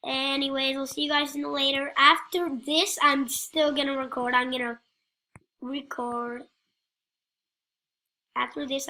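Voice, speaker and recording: A woman's voice: sits high, bright, forceful tone, slight background noise. A woman giving playful, rambling gameplay commentary, joking and talking to the other players.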